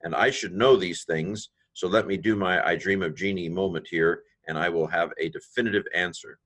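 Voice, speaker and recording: A man giving an informal grammar lecture, thinking aloud with many fillers and slowing down to stress key phrases. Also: sits low, fairly even intonation, fairly bright tone. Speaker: teacher.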